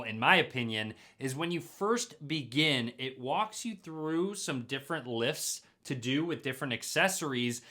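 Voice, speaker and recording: Bright, upbeat young man reviewing gear. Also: on the high side. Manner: upbeat, clear presenter delivery. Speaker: tech reviewer. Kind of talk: product review vlog. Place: home room with a wall-mounted gym.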